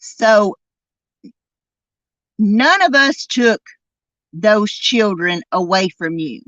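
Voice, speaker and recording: A woman hosting a true crime podcast, delivering an indignant, emphatic monologue and drawing out key words slowly. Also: mid-range voice, animated, fairly bright tone, no echo, muffled recording. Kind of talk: angry commentary monologue.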